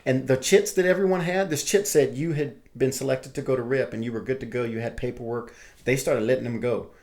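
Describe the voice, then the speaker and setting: A man from Texas, a guest on an interview show, telling his army stories in a lively, chatty way. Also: mid-range voice, brisk. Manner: lively storyteller who acts out his quotes. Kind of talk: casual storytelling interview.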